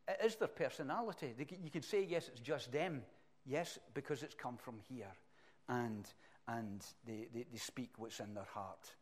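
A middle-aged man with a Scottish accent delivers a sermon in an emphatic, animated way. His voice sits in a middle pitch. He swings between loud, punchy bursts and quiet asides. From Scotland. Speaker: preacher.

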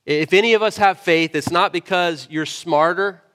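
Higher-voiced pastor preaching in a reverberant hall. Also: male voice, normal speed, fairly bright tone, clean tone. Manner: earnest, conversational, checks in with tag questions. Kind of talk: sermon.

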